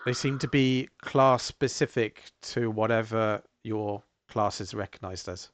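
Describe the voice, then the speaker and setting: A man running a tabletop game as game master, narrating in an unhurried, matter-of-fact way. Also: lowish voice, no room sound.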